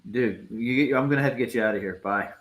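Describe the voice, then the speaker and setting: Man, live stream host, casual chat, easygoing, laughs a lot, mid pitch. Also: quick pace, low-quality recording.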